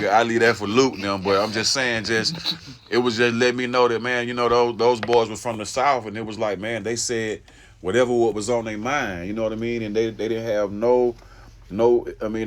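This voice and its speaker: A man's voice: on the low side, steady tone, a little fast, a little hiss or hum. A man from Atlanta talking in a laid-back, casual way in an interview, peppering his speech with fillers. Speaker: group member being interviewed.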